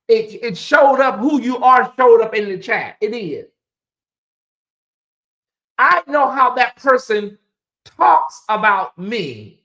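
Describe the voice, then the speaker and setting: A woman's voice: fairly high pitch, sharp tone. A woman hosting a casual livestream, rambling in a loose, repetitive way and talking straight to her chat. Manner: rambling, repeats phrases, talks to chat. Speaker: livestream host.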